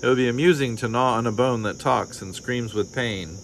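A man voicing a sly, greedy male fox who talks in a smooth, mocking way. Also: medium pitch, moderate pace, slight background noise, natural voice.

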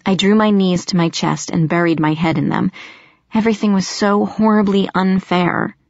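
A woman reading a first-person audiobook with steady, expressive storytelling. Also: medium pitch, normal speed, creaky, no room sound, highs cut off. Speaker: audiobook narrator.

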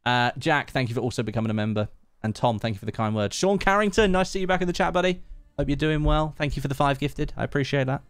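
A man's voice: medium pitch, animated, fast, few pauses, smooth, no room sound, clean studio sound. A man, casually chatting and thanking viewers one by one while streaming a game, laughing often. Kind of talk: casual live-stream chat while gaming.

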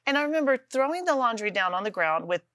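A woman's voice: fairly high pitch, big pitch swings, fast talker, fairly bright tone, no echo. A middle-aged woman, a guest author, telling her story earnestly with self-deprecating humor on a talk show. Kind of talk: testimony in a studio talk show.

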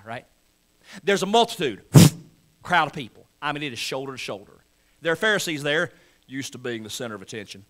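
A male pastor preaching a sermon dramatically, moving from hushed lines to loud shouts and acting out crowd voices. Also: high voice. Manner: acts out crowd and Pharisee voices.

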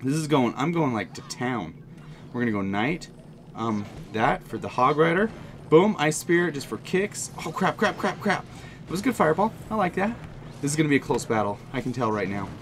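A man giving excited, jokey running commentary on his own mobile game, talking straight to his viewers. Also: on the high side, a little fast, a little hiss or hum. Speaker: gaming channel host. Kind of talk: live gameplay commentary.

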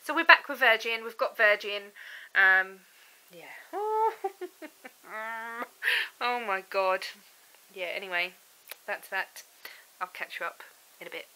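A woman's voice: medium pitch, big pitch swings, slow pace, long pauses, pushed and bright, poor audio. A young woman vlogging at home, chatting in a rambling, exasperated way. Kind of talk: casual vlog chat. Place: home, indoors.

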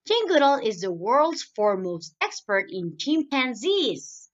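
A woman's voice: a little high, big pitch swings, unhurried. A woman teaching English to children, explaining in English and then repeating each point in Spanish. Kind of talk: recorded online lesson for children. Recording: dull lo-fi voice recording.

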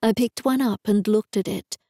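A woman's voice: mid-range voice, fairly even intonation, normal speed, dark tone, no echo. A woman reading a first-person novel aloud in a dry, wry manner, recorded close to a studio mic. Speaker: audiobook narrator. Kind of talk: scripted narration.

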